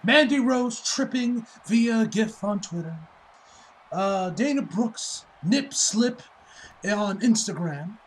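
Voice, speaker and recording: A man with a notably high voice talks through a casual review, swearing freely and ranting with heat. His delivery is loose and rambling, packed with "like" as he circles back on his points. A faint hiss of noise sits under the voice. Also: animated, slow pace, rough recording. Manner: profane, heated ranting. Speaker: wrestling reviewer.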